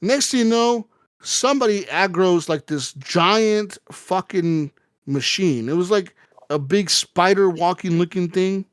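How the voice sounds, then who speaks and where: A man co-hosting a gaming podcast, telling a rambling, profane story in casual chat and acting out quotes with sudden jumps in pitch. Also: a little slow, clean tone, dry recording, clean studio sound. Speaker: podcast co-host.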